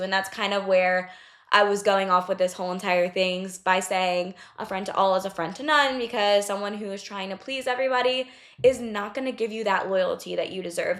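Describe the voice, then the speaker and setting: A young woman talks straight to her listeners in a loose, conversational way. She is blunt and drops swear words without a second thought. Her voice sits at an ordinary middle pitch for a woman. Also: fairly bright tone. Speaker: podcast host. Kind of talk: casual advice talk.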